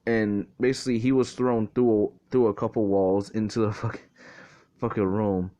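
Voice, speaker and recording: A man's voice: lowish voice, level tone, moderate pace, warm tone. A man casually retelling a fan story, rambling and swearing, with many fillers. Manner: rambling, profane, full of fillers like "basically" and "like".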